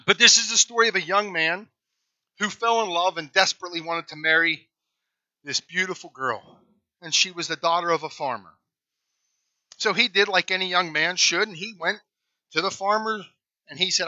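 A man's voice: sits high, normal speed, long pauses, bright, forceful tone, dry recording, lo-fi sound. A male pastor telling a folksy story in a conversational sermon.

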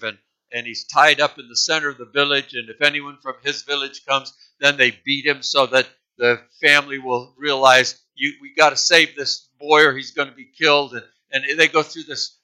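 A man telling a missionary story as part of a sermon, earnest and full of halting restarts. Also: mid-range voice, bright, forceful tone, clean tone, low-quality recording. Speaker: preacher.

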